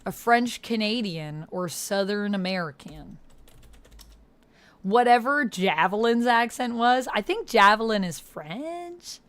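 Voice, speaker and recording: A woman's voice: medium pitch, lively intonation, slow pace, fairly bright tone, no echo. A young woman streamer chatting casually with her viewers and reading their messages aloud. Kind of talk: casual livestream chat.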